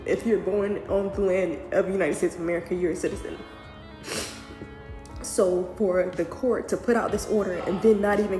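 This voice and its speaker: A woman's voice: medium pitch, darkish tone. Woman, mom, holding back tears, earnest, echoey room, faint music. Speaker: mother. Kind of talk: emotional casual monologue.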